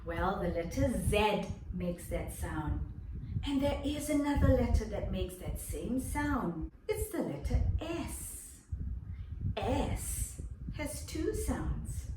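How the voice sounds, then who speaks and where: A woman teaching a drama lesson to young children online, speaking in a slow, clear and encouraging way. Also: medium pitch, big pitch swings. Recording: echoey room, mic at a distance, noisy.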